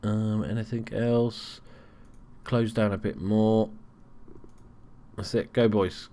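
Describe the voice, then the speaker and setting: A man's voice: on the low side, steady tone, slow pace. A young man giving casual, sweary commentary on his football management game as host. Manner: swears freely, reacts loudly to plays. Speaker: let's play host.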